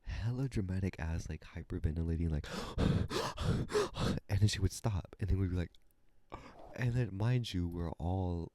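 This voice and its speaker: A young man hosting a podcast, telling a story in a casual, animated and profane way, dropping into whispers at times. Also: deep voice, a little fast, hardly any pauses, no room sound. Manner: animated, profane, dramatic retelling with sudden whispers. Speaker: podcast host.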